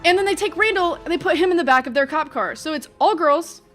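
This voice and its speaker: A young woman vlogger telling a story in an animated, chatty way, full of fillers. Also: very high voice, fast talker, soft background music. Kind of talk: storytime vlog.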